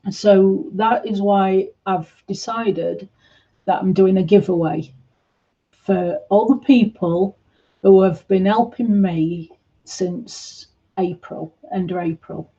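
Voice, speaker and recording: Woman, livestream chat, slow, warm dark tone, dull lo-fi sound. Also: mid-range voice, fairly even intonation. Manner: gentle, reassuring, calls viewers sweetie. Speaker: livestream host. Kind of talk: casual livestream chat reading comments.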